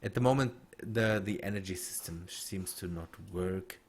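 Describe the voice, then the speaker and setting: A man streaming a game and chatting with viewers, halting and restarting as he reads chat. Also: deep voice, slightly rough. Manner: halting, many restarts and fillers while reading chat. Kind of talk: casual gameplay stream chat.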